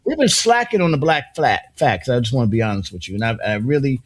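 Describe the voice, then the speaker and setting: A man's voice: mid-range voice, lively intonation, fast, dry recording. A middle-aged man hosting a morning show in casual banter, rambling and joking with many restarts and asides. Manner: playful, joking.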